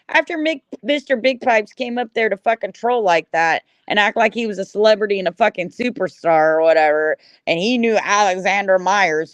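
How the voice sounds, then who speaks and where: A woman's voice: mid-range voice, dry recording, lo-fi sound. A middle-aged woman hosting a livestream, ranting at her chat in an angry, profane, repetitive way. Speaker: livestream host.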